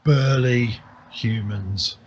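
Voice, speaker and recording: A man's voice: medium pitch, extremely slow, a loud crowd. A man narrating a tabletop game as dungeon master, loose and hesitant with fillers. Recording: dull lo-fi audio.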